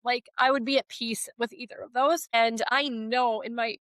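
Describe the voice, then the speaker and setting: A woman's voice: a little high, fairly even intonation, moderate pace, hardly any pauses, fairly bright tone, no room sound. Middle-aged lady sharing her faith story, earnest and heartfelt, dry close mic. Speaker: podcast guest. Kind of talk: faith testimony in conversation.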